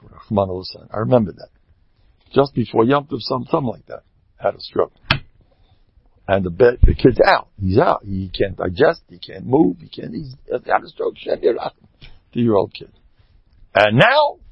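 Gravelly older rabbi, Yiddish-inflected English. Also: male voice, mid-range voice, dry recording. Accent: Orthodox Jewish Yiddish-inflected English. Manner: animated, joking, storytelling with sudden loud bursts. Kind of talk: informal Torah talk with stories. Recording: dull lo-fi dry recording.

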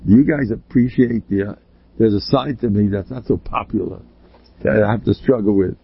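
A man, a rabbi, delivering a blunt and emphatic Torah lecture full of rhetorical questions, often pushing up into high exclamations. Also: moderate pace, gravelly, slightly rough. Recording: slightly dull, lo-fi recording.

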